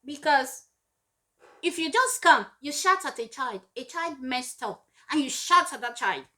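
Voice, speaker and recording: A high-pitched woman talks earnestly about raising children. She is emphatic and repeats each point to drive it home, like a parent lecturing other parents. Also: expressive, a little slow, bright, forceful tone. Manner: acts out scolding parents in raised voices. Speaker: parenting advice vlogger. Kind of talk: direct-to-camera advice talk.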